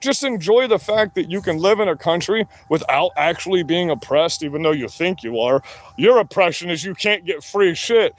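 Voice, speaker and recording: High-voiced man in a profane rant. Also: lively intonation, normal speed. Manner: profane, combative, heavy swearing. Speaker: vlogger. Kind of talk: angry monologue rant.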